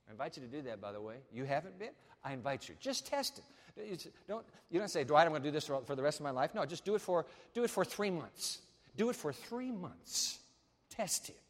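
A man preaching a sermon as pastor, animated, swinging from loud declarations to hushed asides. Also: fairly high pitch, big-room sound.

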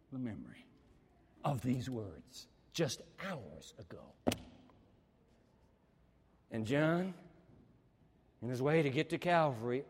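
A man preaching a sermon, dramatic, swinging between loud exclamations and hushed, tender passages. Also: medium pitch, long reverb tail.

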